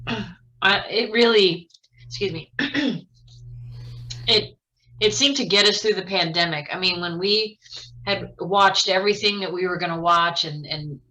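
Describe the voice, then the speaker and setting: A woman's voice: on the low side, unhurried, pauses often, bright, forceful tone. A woman from the American Midwest co-hosting a casual podcast, chatty and amused, laughing often as she talks. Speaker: podcast co-host. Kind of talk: casual chat.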